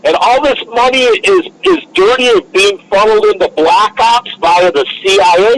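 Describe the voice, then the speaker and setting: High-voiced man ranting. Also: fairly bright tone, slight background noise, poor audio. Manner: ranting, conspiratorial, emphatic. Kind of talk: casual podcast chat.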